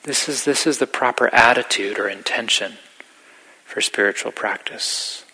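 A middle-aged man giving a gentle, reflective dharma talk as a meditation teacher, sometimes dropping to a whisper. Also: medium pitch, normal speed, husky, low-quality recording.

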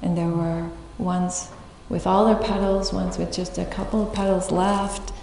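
A woman giving a dharma talk as a meditation teacher, telling a story in a reflective, unhurried way and laughing often. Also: fairly low pitch, level tone, vocal fry, a little mellow, slight background noise. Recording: echoey hall with faint ambience.

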